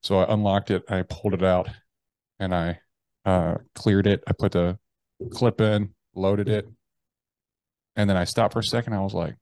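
A man, a podcast guest, telling a personal story bluntly and profanely, with halting restarts. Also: on the low side, steady tone, a little mellow, no room sound. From United States. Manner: blunt and profane, with slangy address.

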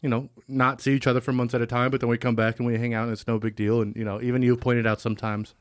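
Fast-talking joking young man. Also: medium pitch, level tone, no echo, clean studio sound. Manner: fast, joking, laughs often. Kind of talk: casual chat among friends.

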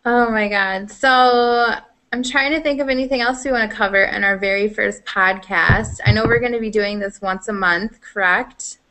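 A young woman co-hosting a casual gaming podcast, chatty and quick to laugh. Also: mid-range voice, sharp tone. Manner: chatty, laughs often, lots of "like". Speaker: podcast co-host. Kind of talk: casual chat.

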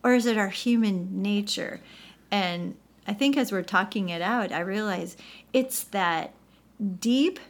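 A woman guest on a faith podcast, candidly telling her story with lively, acted-out quotes. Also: medium pitch, unhurried. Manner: animated storytelling, acts out quoted voices.

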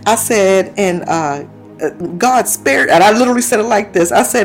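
Woman, 50s, preacher; mid-pitched, conversational sermon with tongues, soft music behind. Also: moderate pace. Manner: lively storytelling with laughs and asides; breaks into speaking in tongues.

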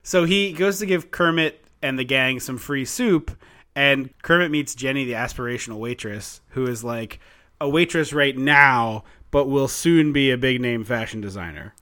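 A man co-hosting a podcast in casual chat, chatty and quick to laugh as he retells things. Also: medium pitch, bright, forceful tone. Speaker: podcast co-host.

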